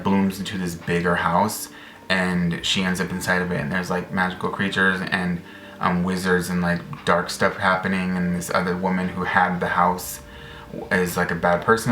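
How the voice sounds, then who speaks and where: A low-voiced man rambles happily through a list of upcoming books, full of "like" and restarts. His voice carries a roomy echo over a faint hiss. It sounds like a casual home vlog. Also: a bit bright. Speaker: book vlogger. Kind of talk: casual book chat to camera. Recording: echoey room, faint background noise.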